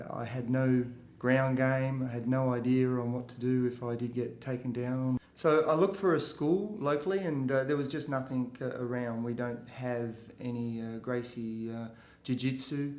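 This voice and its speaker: A man's voice: mid-range voice, darkish tone. A man, giving a casual testimonial interview, with frequent hesitations and restarts. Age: 40s. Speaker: jiu-jitsu student giving a testimonial. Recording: echoey room.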